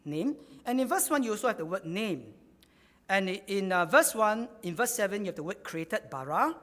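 A man's voice: high-pitched, sing-song, normal speed, sharp tone, big-room sound. A man preaching a sermon, repeating key phrases for emphasis.

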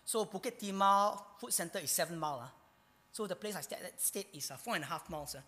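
A preacher with a Singaporean English accent delivers a sermon in a bright, forceful voice. The preacher is emphatic and keeps posing rhetorical questions before answering them. A long reverb trails each phrase, as in a large hall. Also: medium pitch, expressive, fairly quick. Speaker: pastor.

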